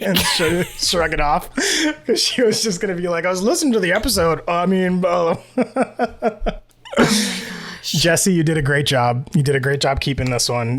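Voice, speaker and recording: A man co-hosting a podcast in casual chat. He is bubbly, laughs often and rambles with restarts. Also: a little high. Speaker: podcast co-host.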